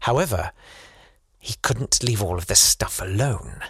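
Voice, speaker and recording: A man's voice: on the low side, lively intonation, a little slow, gravelly, husky, no echo. A man co-hosting a comic history podcast, telling a story playfully and slipping into silly voices. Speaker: podcast co-host.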